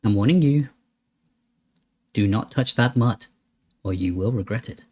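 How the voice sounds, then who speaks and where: A man's voice: lowish voice, unhurried, darkish tone, a little hiss or hum, close to an everyday voice. A man doing a stern, haughty cat lord. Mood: threatening.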